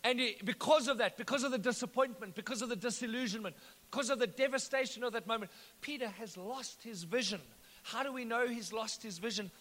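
Male preacher with a high, forceful voice, telling the story with joking asides in a big echoey hall. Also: a little fast. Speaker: pastor. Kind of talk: sermon.

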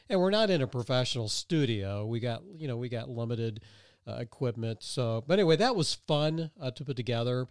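A man's voice: mid-range voice, brisk, dry recording, studio quality. A man co-hosting a podcast, rambling through stories in casual chat, laughing often and poking fun at himself. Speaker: podcast co-host.

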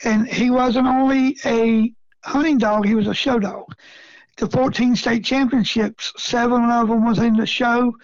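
A middle-aged man with a gravelly, creaky voice tells a story in a casual interview. His way of talking is folksy, with rural grammar and frequent chuckles. The recording is dry and close, with a dull, lo-fi sound. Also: very high voice, fairly even intonation, measured pace, dry recording. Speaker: rabbit hunting guest.

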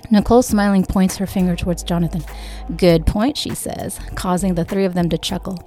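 A woman's voice: on the low side, steady tone, a little fast, hardly any pauses, mellow, soft background music. A woman reading her own novel aloud, narrating and giving the characters' lines with small lifts in her voice. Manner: reads every character in a near-natural voice with small lifts for dialogue. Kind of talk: audiobook read-aloud narration.

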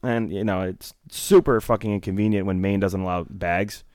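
Profane low-voiced man telling a story. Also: fairly even intonation, normal speed, a little mellow, no room sound, clean studio sound. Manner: profane, rambling, laughing anecdote-telling. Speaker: podcast co-host. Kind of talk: casual storytelling on a podcast.

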